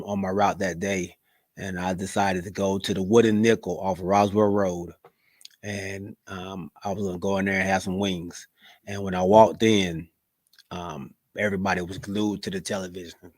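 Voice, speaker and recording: A man's voice: deep voice, no room sound. A middle-aged man co-hosting a podcast, reading the live chat and chatting casually, often saying "man" with plenty of fillers. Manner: relaxed, says "man" a lot, many fillers.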